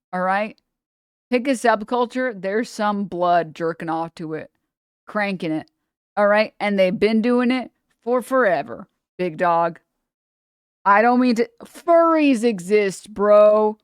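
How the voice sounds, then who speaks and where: A woman's voice: medium pitch, clean tone, no echo, studio quality. A young adult woman hosting a live stream, chatting casually in slangy, profane, irreverent banter. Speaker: streamer host.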